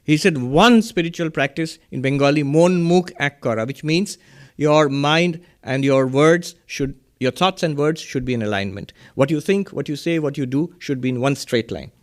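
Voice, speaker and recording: A middle-aged man, a monk and spiritual teacher, giving an unhurried lecture with stories, small laughs and emphatic rises. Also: on the high side.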